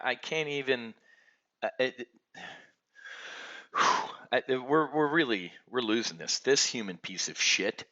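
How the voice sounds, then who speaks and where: A man's voice: mid-range voice, sharp tone, highs cut off. A man hosting a trading show, ranting angrily with many restarts and stammers, from his home office. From United States. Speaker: options trading show host. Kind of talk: ranting market commentary.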